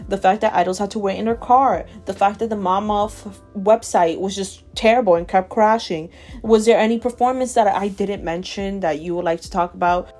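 A woman with a medium-pitched, slightly mellow voice and a Southern American accent hosts a solo podcast. She rants emphatically, repeating herself to drive her points home.

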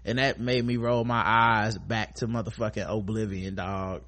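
A man's voice: fairly low pitch, steady tone, normal speed, a bit bright. A man hosting a casual podcast, reading listener emails aloud with profane, joking asides. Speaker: podcast host.

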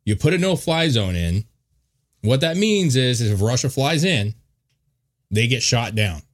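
A man's voice: medium pitch, big pitch swings, measured pace. A man co-hosting a podcast, talking bluntly and profanely in a loose, rambling way. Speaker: podcast co-host. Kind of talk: casual podcast chat.

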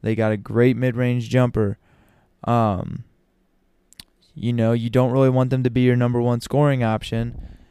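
Man, mellow smooth voice, casual opinionated talk, ums and restarts, dry close sound. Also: mid-range voice, little pitch movement, unhurried, dry recording. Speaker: sports commentator.

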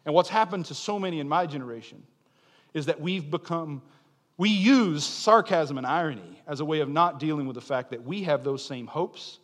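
A young man preaching a sermon, swinging between loud, urgent declarations and quiet, conversational asides. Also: fairly high pitch, normal speed. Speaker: pastor. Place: church sanctuary. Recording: long hall reverb.

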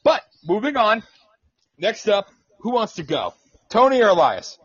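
A man's voice: high voice, sing-song, measured pace, a bit bright, husky, no room sound. A man hosting an online talk radio show, laid-back, greeting the chat and moving the show along. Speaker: host. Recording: dry, dull lo-fi audio.

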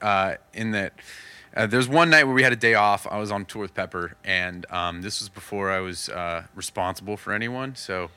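A man's voice: fairly low pitch, moderate pace, bright, forceful tone, clear, resonant tone, dry recording. A man in his thirties telling a candid, rambling story as a podcast guest, laughing often and full of fillers. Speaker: podcast guest, touring musician. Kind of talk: casual storytelling.

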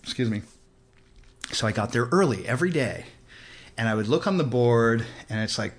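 A man in his sixties from Los Angeles, talking at an ordinary mid pitch. He tells casual stories as a podcast guest. He jumps into the voices of the people in his anecdotes. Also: animated, normal speed, pauses often. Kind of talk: casual storytelling. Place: host's house.

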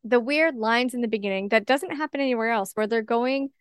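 A woman's voice: fairly high pitch, a little fast, clear, resonant tone, no echo, clean studio sound. A woman co-hosting a podcast, exasperated and swearing as she rattles off complaints about a film in casual chat. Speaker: podcast co-host.

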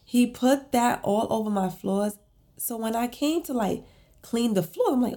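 A woman's voice: a little high, unhurried. A woman hosting her own show, telling a personal story in a casual, chatty way with lots of fillers. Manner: chatty, many fillers, animated retelling; self-described emotional and empathetic. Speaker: podcast host.

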